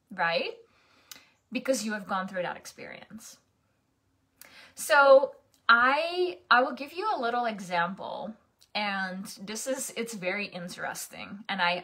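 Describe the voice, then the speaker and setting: A woman's voice: mid-range voice, sharp tone, husky. A young adult woman coaching in a casual, chatty monologue, often restarting and asking "right?".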